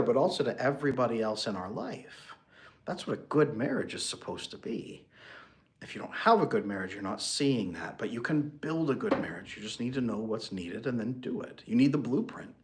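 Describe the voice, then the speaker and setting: Guy coaching couples on marriage, emphatic and direct, keeps asking do you see the difference, normal mid voice. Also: mid-range voice. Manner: emphatic, rhetorical questions, acts out quoted partners. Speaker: relationship coach. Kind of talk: direct advice monologue.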